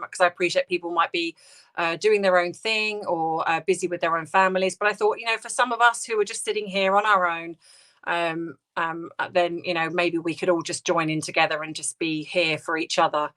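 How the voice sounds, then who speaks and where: Bright-voiced British woman, halting livestream chat. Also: fairly low pitch, steady tone. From United Kingdom. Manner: hesitant, halting, full of ums and restarts. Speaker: livestream host. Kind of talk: casual livestream chat reading viewer comments.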